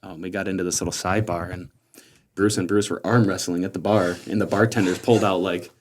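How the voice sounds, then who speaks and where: A man's voice: sits low, steady tone, quick pace, slight background noise. A man hosting a podcast, telling stories in casual chat and laughing often. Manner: laughing storyteller.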